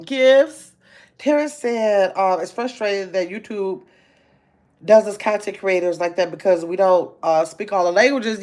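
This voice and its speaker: A woman hosting a casual livestream, reading viewer comments aloud and chatting quickly and playfully. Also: a little high. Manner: talks fast, says so herself; lively, chatty, laughs easily. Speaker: livestream host.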